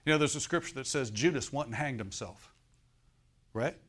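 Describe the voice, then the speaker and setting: A man's voice: medium pitch, moderate pace, a bit bright. Conversational preaching man, talks to the crowd. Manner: conversational preaching, rhetorical questions to the congregation. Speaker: pastor. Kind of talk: sermon.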